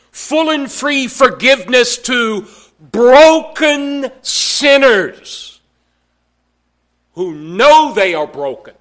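Male pastor, high-pitched, slow deliberate sermon delivery with emphatic rises. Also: a bit bright.

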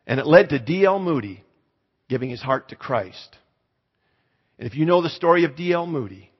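A man preaching a storytelling sermon in a conversational way, asking the congregation to raise their hands. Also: fairly high pitch. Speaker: pastor. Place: church hall. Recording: echoey hall, slightly dull sound.

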